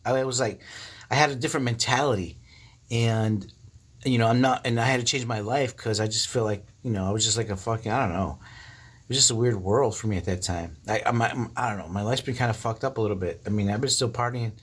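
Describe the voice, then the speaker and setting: A man in his fifties chatting casually on a livestream, telling stories in a profane, animated way with frequent laughs. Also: mid-range voice, quick pace, slightly rough. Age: 50s. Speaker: livestream host. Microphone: phone.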